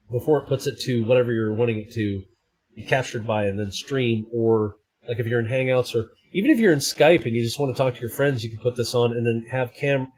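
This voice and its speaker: In a low-quality recording, a middle-pitched man runs a casual desk live stream, rambling between subjects and joking at his own expense.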